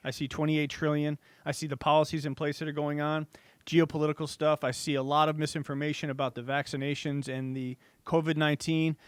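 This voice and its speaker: A man's voice: fairly high pitch, smooth, dry recording. A man co-hosting a market talk show, speaking casually with many restarts and sounding irritated. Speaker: co-host.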